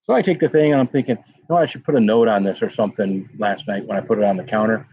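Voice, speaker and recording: Talking fast in a lowish, mellow voice, this man rambles through a casual livestream tasting peppers and greets chat viewers by name. The sound is dull and lo-fi.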